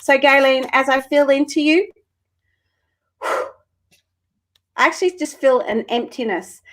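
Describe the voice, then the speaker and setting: Woman, spiritual card reader on a live stream, earnest, emotional, sweary, slightly high voice. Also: measured pace. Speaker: co-host reading cards for viewers.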